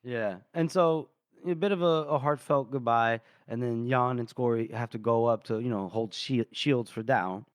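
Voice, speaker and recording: A man co-hosting a book podcast, retelling scenes in a casual, animated way and acting out the characters' lines with laughs. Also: mid-range voice, moderate pace, few pauses, smooth, dry recording, clean studio sound. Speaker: podcast co-host.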